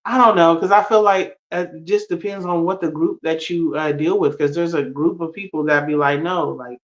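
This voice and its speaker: A man co-hosts a casual live podcast in a fairly high voice. He rambles loosely, with plenty of fillers. The audio is muffled and lo-fi. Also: steady tone, moderate pace. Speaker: podcast co-host. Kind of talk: casual live-stream chat.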